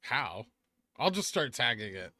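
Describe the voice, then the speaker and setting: Lively chatty Southern Californian man. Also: mid-range voice, unhurried, dry recording. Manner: reads chat comments aloud and answers them, chatty, says "like" often. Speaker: streamer reading chat. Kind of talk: casual live-stream chat.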